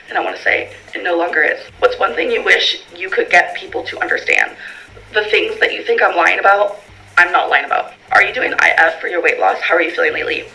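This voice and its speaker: A woman's voice: fairly low pitch, gravelly, bright, forceful tone, rough recording. A woman answering viewer questions in a casual vlog, rambling with lots of fillers and reading the questions aloud. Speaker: vlogger.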